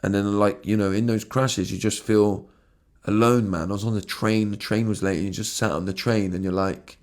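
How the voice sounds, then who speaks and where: A man's voice: fairly low pitch, fairly even intonation, normal speed, a little mellow. A man hosting his own podcast, talking earnestly and emotionally, often stumbling and restarting his words, with casual swearing. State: emotional, has been crying. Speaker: podcast host. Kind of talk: emotional solo podcast monologue.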